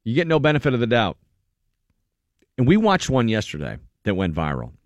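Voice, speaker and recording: A man's voice: medium pitch, a little fast, no echo, lo-fi sound. A man hosting a morning radio show, chatting casually in a wry, joking manner. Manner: animated, wry, breaks into mocking impressions. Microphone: studio microphone.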